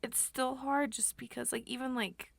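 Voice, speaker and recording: A young woman vlogger rambling through an emotional personal monologue, soft and tearful, with many fillers. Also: on the high side, fairly even intonation, moderate pace, gravelly, dry recording.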